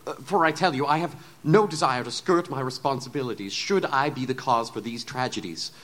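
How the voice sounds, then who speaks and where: A man playing a troubled, guilt-ridden gentleman doctor who stammers and talks in an earnest, formal way. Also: medium pitch, fairly quick, natural voice. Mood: resolute. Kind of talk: audio drama acting.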